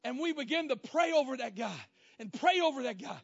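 A man preaching a sermon as a story, moving between loud exclamations and hushed, emotional lines. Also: lively intonation, a little fast, vocal fry. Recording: muffled low-fi sound with faint music.

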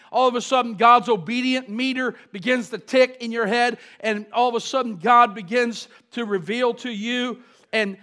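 Preacher guy w a really high bright voice, keeps asking the crowd stuff and repeating himself for punch. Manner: preaches with rising, emphatic repetition and asks the congregation questions. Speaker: pastor. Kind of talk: sermon.

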